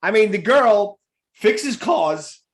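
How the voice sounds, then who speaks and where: A man's voice: sits high, animated, slow. A man hosting a talk show, chatting eagerly with a guest and rambling with repeated words. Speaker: radio show host. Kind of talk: enthusiastic casual interview.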